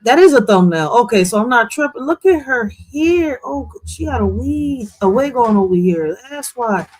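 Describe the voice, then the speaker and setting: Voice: mid-range voice, expressive, moderate pace, rough recording. A host rambles in casual reaction commentary, using slang and restarting sentences often.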